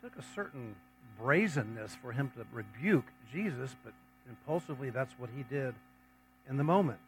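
A man's voice: medium pitch, animated, normal speed, soft background music, low-quality recording. A man preaching a sermon, reading scripture passages aloud and then commenting on them in a conversational way.

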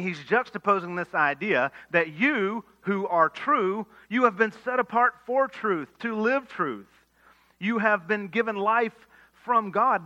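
A man preaching an expository sermon, earnest, rising to emphatic lines and dropping to quiet asides. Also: high-pitched. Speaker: pastor. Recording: dull lo-fi sermon recording.

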